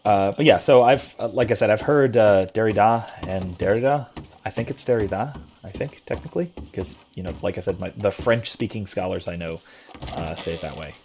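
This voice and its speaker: A man's voice: fairly low pitch, a little fast, a little mellow, slight background noise. A man who is a philosophy professor, chatting casually and hesitantly while playing a game. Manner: rambling, hesitant, thoughtful. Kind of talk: casual chat while gaming.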